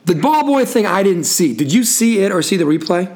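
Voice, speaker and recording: A man's voice: high-pitched, sing-song, brisk, a little mellow. A man hosting a sports talk show, telling the story in a wry, playful way and tossing to his co-host. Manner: storytelling, wry, full of wrestling references. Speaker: podcast host. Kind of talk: casual sports chat.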